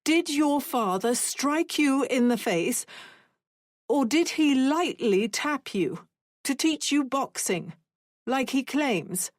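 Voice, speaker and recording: Icy, demanding mother, read by a woman, voice lifted a little, slow and dry. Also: high-pitched, expressive, dry recording, pitched above the performer's own voice. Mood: insistent. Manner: cold, sharp questioning. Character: stern mother, cold and demanding.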